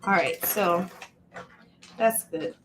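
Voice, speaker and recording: A woman's voice: fairly low pitch, slow pace, slight background noise. A woman hosting a casual live cooking stream from her home kitchen, chatting to viewers by name while she chops. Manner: chatty, greets viewers by name mid-task. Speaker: livestream cooking host.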